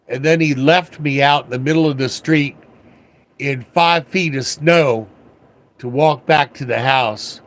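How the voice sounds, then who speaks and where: Older man, slow folksy rambling storyteller. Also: fairly high pitch. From Washington area, USA. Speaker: livestream host. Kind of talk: casual storytelling livestream.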